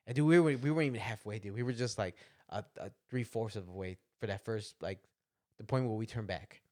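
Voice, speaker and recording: A young man telling a funny story on a casual podcast, laughing often and acting out what people said. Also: brisk. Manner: animated, laughing, acts out quotes in higher voices. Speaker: podcast co-host.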